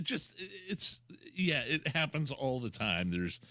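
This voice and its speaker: A man's voice: medium pitch, sing-song, slow, pushed and bright, dry recording. A man co-hosting a talk radio show, laid-back and joking. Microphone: studio microphone.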